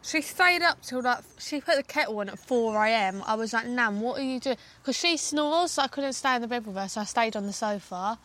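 A woman's voice: on the high side, lively intonation, a little fast, few pauses, fairly bright tone. A young woman, a younger sister, talking bluntly in casual chat.

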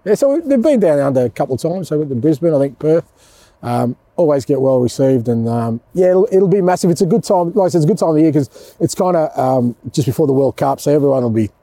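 Australian man, very dark, husky voice. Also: a little high, fast, dry recording. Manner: chatty, animated, laughs often, says mate a lot. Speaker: football club manager. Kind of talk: casual chat.

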